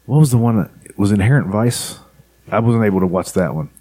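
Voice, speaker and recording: A man's voice: fairly low pitch, expressive, brisk, dark tone, breathy edge. A man co-hosting a podcast, chatting casually with wry, joking banter. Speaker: podcast co-host. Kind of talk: casual chat.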